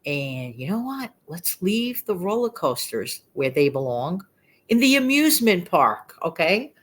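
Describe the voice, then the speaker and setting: A woman's voice: lowish voice, big pitch swings, measured pace. A woman in her sixties with a New York accent, chatting to camera in a rambling, emphatic way as a frugal living vlogger. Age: 60s. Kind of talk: casual chat to camera.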